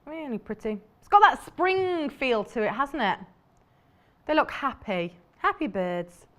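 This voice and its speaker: A woman's voice: high voice, lively intonation, a little slow, a bit bright. A woman presenting live on a shopping channel in a TV studio, chatty and enthusiastic, rambling as she shows fabrics.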